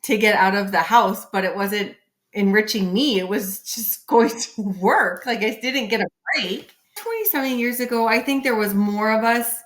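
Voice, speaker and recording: A woman's voice: mid-range voice, moderate pace. Podcast host, woman in her forties, opinionated and emphatic, recorded in an echoey room. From Canada. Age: 40s. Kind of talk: casual podcast conversation.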